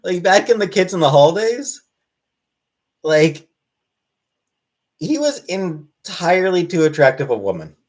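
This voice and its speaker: A man hosting a casual livestream Q&A, reading chat questions aloud and answering in a wry, deadpan way. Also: high-pitched, a little slow, long pauses. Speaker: livestream host.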